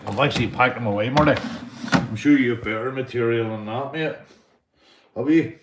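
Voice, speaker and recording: A man's voice: medium pitch, moderate pace. Rambling sweary Northern Irish man, roomy echo. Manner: rambling, sweary, laughs through his stories, peppers lines with "mate". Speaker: live streamer. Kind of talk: rambling live-stream storytelling and shout-outs.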